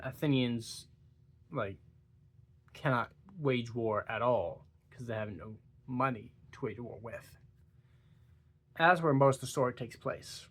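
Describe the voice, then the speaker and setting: A tired young book reviewer yawns as he talks casually about a book in a vlog, rambling with stumbles and giggles. His voice is medium-pitched with a fairly bright tone.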